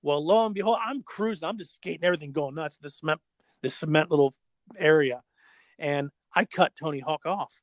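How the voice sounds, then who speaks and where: A man telling a story in casual chat, animated and acting out the voices of the people in it. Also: a little high, brisk, no room sound. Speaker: podcast guest.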